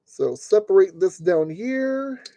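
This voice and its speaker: High-voiced man chatting through a build. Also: lively intonation, slow, gravelly, warm tone. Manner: chatty, talks himself through each step. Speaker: streamer building a model kit. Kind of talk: casual live-stream narration. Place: at a desk indoors.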